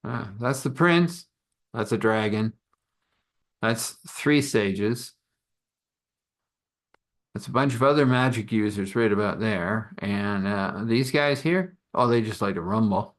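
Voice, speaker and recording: Man, improvised story narration, rambling, musing, lowish voice. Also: slow pace, long pauses.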